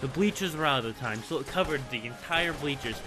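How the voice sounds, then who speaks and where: A young man casually telling a school story on his vlog, rambling and excitable, with lots of filler words. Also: mid-range voice, quick pace, music in the background. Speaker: gaming channel host.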